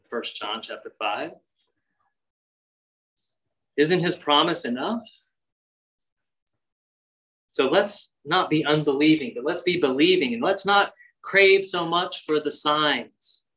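A man's voice: on the high side, fairly bright tone, rough recording. A man preaching a devotional sermon in an earnest, prayerful way, acting out quoted lines with lifted energy.

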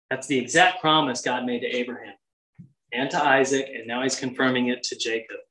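Preacher doing a bible sermon, bright sharp voice, emphatic, keeps repeating the big lines. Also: medium pitch, brisk, poor audio. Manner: emphatic, repeats key phrases for stress.

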